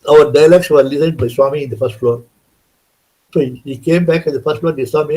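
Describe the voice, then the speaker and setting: A man's voice: fairly high pitch, quick pace, dark tone, rough recording. An older man giving a rambling devotional talk, telling stories and acting out dialogue as he goes. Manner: rambling, repeats words and restarts, acts out quoted dialogue. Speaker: devotional speaker. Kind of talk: storytelling spiritual talk.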